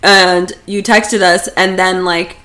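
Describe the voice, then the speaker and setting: A woman's voice: lowish voice, flat delivery, slow, pushed and bright. A young woman co-hosting a podcast, reacting in a blunt, exasperated way during casual chat. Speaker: podcast co-host.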